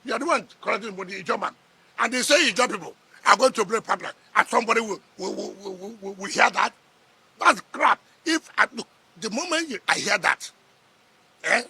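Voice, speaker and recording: A man's voice: sits high, animated, a little fast, vocal fry, bright, forceful tone, slightly rough. A middle-aged man with a Nigerian accent, a politician sparring in a heated press interview, combative and scoffing, repeating his words.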